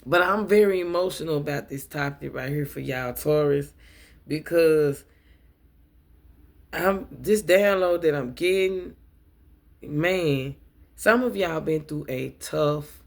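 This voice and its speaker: Slow, gravelly-voiced woman tarot reader. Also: low voice. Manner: emotional, repeats affirmations; addresses viewers as y'all. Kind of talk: tarot reading video.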